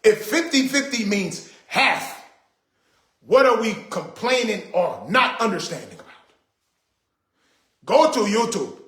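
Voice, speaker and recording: A man's voice: high voice, big pitch swings, measured pace, long pauses, fairly bright tone. Indignant middle-aged man ranting, echoey room. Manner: indignant, preachy, repeats points for emphasis. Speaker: vlogger. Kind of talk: ranting monologue to camera.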